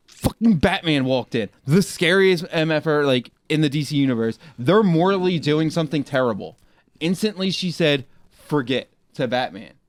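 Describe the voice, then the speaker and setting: A man's voice: fairly high pitch, dry recording. A man co-hosting a podcast, talking animatedly in a casual debate, full of fillers and restarts. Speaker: podcast co-host.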